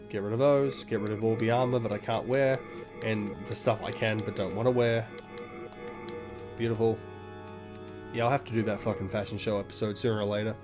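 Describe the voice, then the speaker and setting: Profane, chatty let's play man. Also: fairly low pitch. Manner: profane, self-mocking, chatty asides. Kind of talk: casual gameplay commentary. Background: game music.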